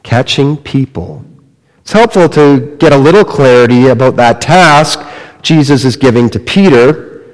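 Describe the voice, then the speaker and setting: Slow-preaching man in an echoing hall. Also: medium pitch, lively intonation. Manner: slow, dramatic storytelling with wide swings in loudness. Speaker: pastor. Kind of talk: sermon. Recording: long reverb of a large hall.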